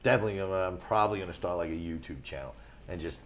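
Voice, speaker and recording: A man, a guest on a talk show, telling rambling stories with a lot of restarts and getting animated as he goes. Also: sits low, racing, slight background noise. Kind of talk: casual storytelling on a talk show.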